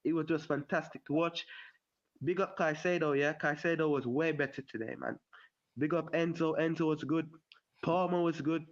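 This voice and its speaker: A man's voice: a little high, steady tone, normal speed, muffled recording. A man giving blunt, enthusiastic football fan opinions on a call, repeating his praise words. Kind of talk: casual fan commentary.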